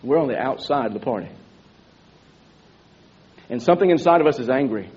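A man's voice: mid-range voice, animated, fairly quick, a little mellow, slightly rough. A male preacher delivering a sermon with emphatic repetition and rhetorical questions. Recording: dull lo-fi sermon recording.

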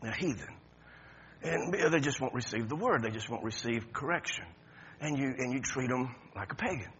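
A man preaching a sermon as pastor, talking to the congregation conversationally, stumbling over restarts, then breaking into emphatic high points. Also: animated, moderate pace, fairly bright tone, muffled recording, slight background noise.

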